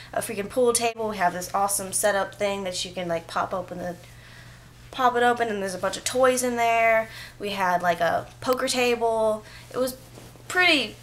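A young woman telling a story to camera in a casual vlog. She chats loosely, leans on lots of "like" fillers, and grows animated as she retells it. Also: mid-range voice. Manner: chatty, filler-heavy with frequent "like". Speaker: vlogger.

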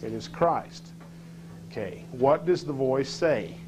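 A man's voice: medium pitch, animated, slow, background noise. A man teaching a scripture class, questioning his listeners and reading verses aloud with rising emphasis.

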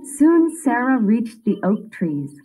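A woman reads a children's story aloud with a lively, rising and falling voice. Soft music plays faintly behind her. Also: a little high, slow, low-quality recording. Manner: expressive storytelling. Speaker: narrator.

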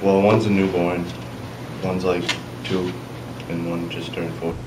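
A man's voice: sits low, little pitch movement, a little slow. A teenage boy playing a bumbling, overconfident teen dad of three who talks in awkward, hesitant boasts, recorded from far off in a noisy, echoey school room.

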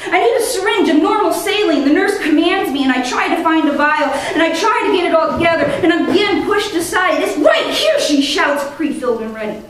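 High-voiced woman in an echoing room. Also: animated, brisk, few pauses. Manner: intense, swinging between urgent and hushed. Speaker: open-mic performer. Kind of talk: dramatic first-person spoken-word storytelling. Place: open-mic venue. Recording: very echoey room, mic far off.

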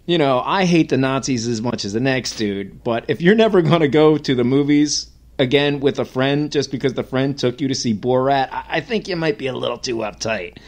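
A man co-hosting a podcast who tells crude, animated stories in casual chat. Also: mid-range voice, fairly quick, hardly any pauses. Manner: animated, crude, laughing storyteller. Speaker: podcast co-host.

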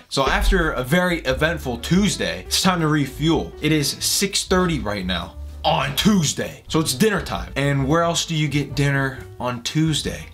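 A man's voice: a little high, expressive, normal speed, fairly bright tone, faint music behind. A young man vlogging for comedy, goofy and hyping up his lines. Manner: goofy, hypes every line up. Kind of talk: comedic vlog and reaction.

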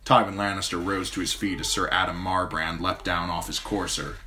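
A man narrates a fantasy audiobook in a steady, even manner. His voice is low-pitched yet bright and forward. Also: brisk, a little hiss or hum. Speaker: amateur audiobook reader.

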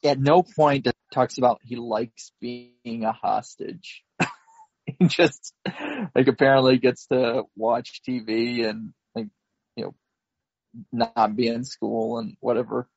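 A man co-hosting a podcast, slowly recapping a film plot in casual chat, with lots of fillers and laughs. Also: medium pitch, fairly even intonation, gravelly, a little mellow, husky, dry recording, muffled recording. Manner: slow, rambling recap with frequent fillers and laughs. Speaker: podcast co-host.

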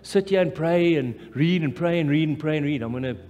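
A man's voice: a little high, a little fast, darkish tone. A South African pastor with an Afrikaans-tinged accent preaching a live sermon, impassioned and repeating his phrases. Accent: South African, Afrikaans-influenced. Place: church hall. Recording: live church hall reverb with music.

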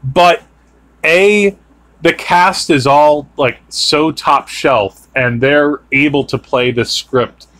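A man's voice: on the high side, slow pace, fairly bright tone. A man hosting a podcast, chatting casually and rambling with many fillers and restarts. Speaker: podcast host. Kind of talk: casual chat.

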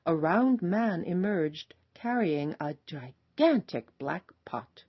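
Slow, expressive woman storyteller. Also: on the low side, husky, no room sound. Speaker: narrator. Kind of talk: scripted storybook narration. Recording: slightly dull recording, faint noise.

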